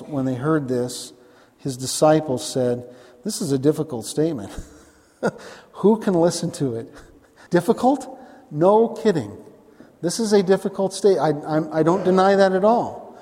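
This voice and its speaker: A man's voice: fairly high pitch, dark tone. Emphatic preaching man in a reverberant hall. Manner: emphatic, repeats phrases, rising to bursts of emphasis. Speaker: pastor. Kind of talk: sermon.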